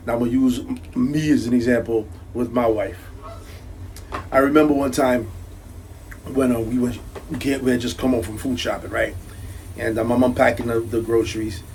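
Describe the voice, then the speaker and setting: A man with a thick New York accent tells a comic story about home life. He is chatty and jokey and rambles a little. His voice sits at a middle pitch, with a faint hiss behind it. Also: rough recording. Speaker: vlogger.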